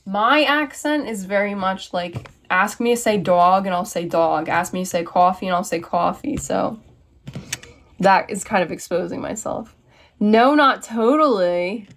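A woman's voice: mid-range voice, a little slow. A young woman from the United States hosting a casual livestream, bubbly and answering viewer comments as she reads them aloud. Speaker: livestream host.

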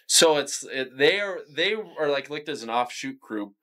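A man's voice: a little high, animated, unhurried, pushed and bright. Chatty man telling stories. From California. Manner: chatty, lots of "like" and "you know". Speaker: guest. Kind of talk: casual conversation.

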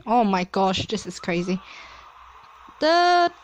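A young woman chatting casually as she reads out results from a simulation game, with frequent excited exclamations. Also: a little high, slow, a little hiss or hum. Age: young adult. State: coughing at times. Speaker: player reading a simulator. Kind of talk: casual play-along commentary.

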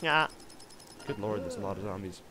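This let's play host, a young man on a gaming headset, keeps his commentary loose and silly with yelps, funny voices, and plenty of rambling. His voice sits on the low side, sharp in tone, with lively intonation at a moderate pace. A slight hiss or hum runs underneath.

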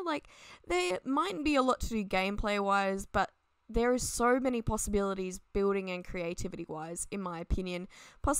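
A woman's voice: mid-range voice, a bit bright, clean tone, dry recording, studio quality. A young woman chatting and rambling casually at her desk at home as she talks over a game speed build, laughing often. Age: young adult. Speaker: Sims 4 builder and YouTuber.

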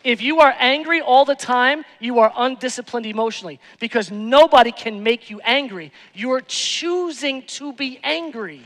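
A man's voice: very high-pitched, normal speed, few pauses, fairly bright tone, big-room sound. A man preaching a sermon as pastor, emphatic, repeating phrases and asking rhetorical questions. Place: church sanctuary.

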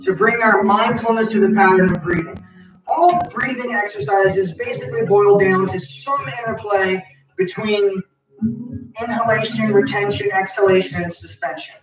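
A man teaching gentle chair yoga, guiding relaxation and breathing with calm, slow cues. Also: high voice. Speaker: yoga instructor. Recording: echoey room, mic at a distance, guitar music.

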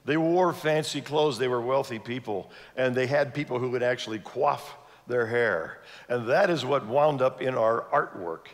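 A man who grew up in Ivory Coast, preaching a sermon with animated storytelling and questions to the audience. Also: mid-range voice, moderate pace, few pauses. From Ivory Coast, West Africa. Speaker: guest preacher. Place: church sanctuary. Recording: long church reverb.

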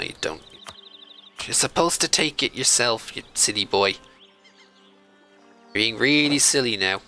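Playing a strategy game, this let's-play host keeps up loose commentary and berates the AI opponents with mock indignation. His voice sits low and sounds pushed and bright, and the recording is rough.

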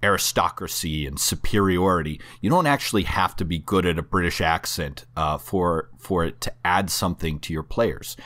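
Man, deep low voice, podcast co-host, casual chat, joking, conversational.

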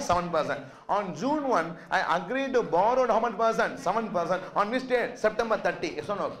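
High-voiced guy, teaching finance, keeps firing "yes or no?" at the class. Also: a bit bright. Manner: drilling students with constant "what?" and "yes or no?" questions. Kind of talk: classroom lecture.

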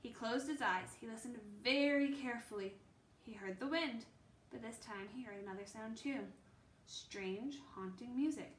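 Here a woman with a voice a little on the high side reads a children's book aloud at normal speed. It's unrehearsed, with minor stumbles and restarts, and the echoey room carries faint background noise.

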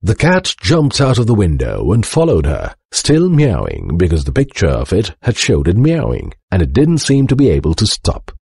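A man reading a children's storybook aloud with animated, expressive narration. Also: deep voice, moderate pace, gravelly, few pauses, breathy edge, no echo, clean studio sound. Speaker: storybook reader.

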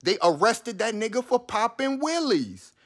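A man's voice: high-pitched, big pitch swings, a little slow. Heated New man ranting. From New Orleans, USA. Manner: heated, profane, sarcastic, addresses listeners directly. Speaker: commentator. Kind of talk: ranting commentary.

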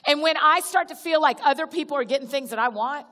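With a somewhat high, fairly bright voice at a quick pace, a woman gives a conversational sermon as a guest speaker at a church gathering. Chatty and direct, she calls the crowd y'all, restarts sentences, and acts out small prayers naturally. The large church auditorium lends a long reverb.

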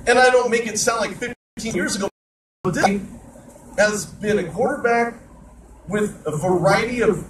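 A man hosting a sports talk radio show, rambling in an animated way between topics. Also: high voice, normal speed, reverberant, recorded from a distance, background noise. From Southern California. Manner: rambling, animated host patter.

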